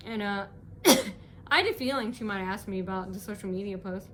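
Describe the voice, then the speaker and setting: A woman's voice: mid-range voice, a little fast, a bit bright, slight background noise. A woman from the United States, rambling and indignant as she recounts an appointment in a casual monologue to camera. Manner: rambling, indignant, repeats herself.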